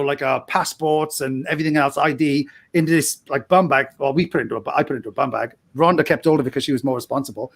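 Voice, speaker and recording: A young man, a podcast guest, telling a casual story in a rambling way and laughing often mid-sentence. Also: a little high.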